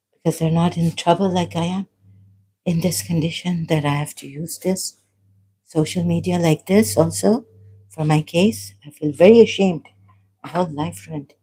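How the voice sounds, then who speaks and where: A tired woman from Pakistan talking alone on a livestream at home, halting and apologetic, often trailing off and restarting. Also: low-pitched, mellow, breathy edge, poor audio. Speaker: livestream host. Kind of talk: rambling livestream monologue. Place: at home, making tea.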